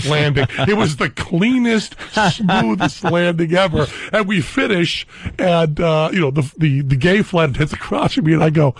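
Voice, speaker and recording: A man with a raspy, gravelly voice pitched a little high tells a comic anecdote as a guest on a talk radio show. He laughs at his own punchlines as he goes. The studio sound is close and dry. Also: no room sound. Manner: comic, self-amused anecdote telling with frequent laughs. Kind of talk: animated storytelling on talk radio.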